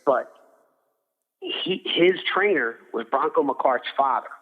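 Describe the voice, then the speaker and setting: A man's voice: medium pitch, animated, slow pace. A middle-aged man from Philadelphia, a boxing cutman, telling stories in a rambling interview and acting out quotes. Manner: rambling, many restarts, acts out quotes. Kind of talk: casual interview storytelling. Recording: phone-like line with long reverb.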